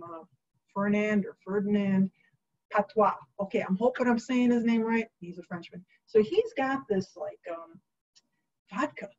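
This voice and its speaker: A woman chats her way through a history story, breezy and jokey, full of fillers and little quoted asides. Her voice sits at an ordinary middle pitch. The recording sounds a bit dull and lo-fi. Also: a little mellow. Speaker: host. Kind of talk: casual chatty history storytelling.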